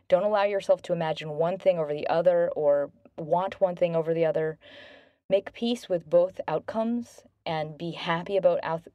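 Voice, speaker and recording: A woman in her thirties hosting a self-help podcast, talking gently and earnestly about relationships. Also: lowish voice, no room sound, dull audio. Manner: gentle, earnest, bubbly when thanking listeners. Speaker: podcast host.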